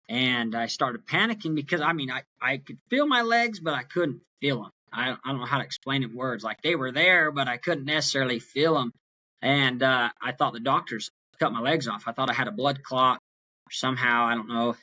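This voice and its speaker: Young male guest, bright and forward tone, earnest animated storyteller. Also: medium pitch, a little fast. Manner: earnest, animated retelling with acted quotes. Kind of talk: storytelling in an interview.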